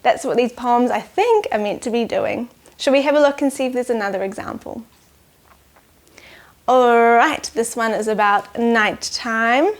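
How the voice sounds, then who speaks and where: A young woman teaching children in a cheerful manner, going slow and clear when counting syllables. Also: a little high. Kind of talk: children's lesson.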